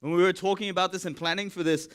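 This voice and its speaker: A man giving a sermon in a candid, conversational way, swinging from loud to hushed. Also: high voice, steady tone, quick pace, clear, resonant tone. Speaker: pastor.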